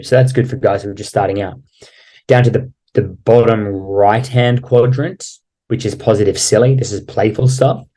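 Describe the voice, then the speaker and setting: Blunt, low-voiced dating coach man. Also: mellow. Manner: blunt, casually profane. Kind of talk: instructional explanation.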